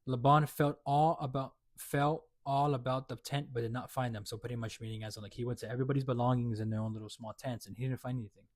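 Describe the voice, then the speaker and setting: A man's voice: medium pitch, fairly even intonation, fast talker, hardly any pauses, darkish tone, dry recording. A man reading Bible verses aloud and then retelling them in loose, slangy everyday words, with many fillers and restarts. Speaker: host explaining a Bible chapter. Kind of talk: casual Bible reading with commentary.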